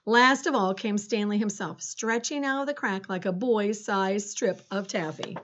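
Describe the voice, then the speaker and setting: A woman reading a children's storybook aloud in an expressive way. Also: medium pitch, moderate pace. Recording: dull lo-fi recording.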